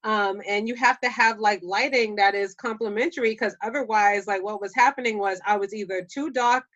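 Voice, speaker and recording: A woman, telling stories in casual podcast chat, animated and slangy, often laughing. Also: mid-range voice, brisk, dull audio. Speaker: podcast guest, public speaker.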